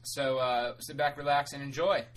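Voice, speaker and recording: A man's voice: medium pitch, fairly even intonation, normal speed, poor audio. A man hosting a podcast, giving a loose and chatty intro and a sponsor read, rambling along with casual swearing and self-corrections. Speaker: podcast host.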